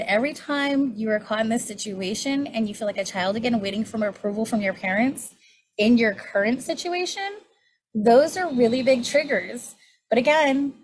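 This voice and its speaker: A woman in her forties teaching a healing class on triggers, candid and conversational, often checking in with a rhetorical "right?". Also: a little high. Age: 40s. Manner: candid, conversational, self-disclosing. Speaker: class facilitator.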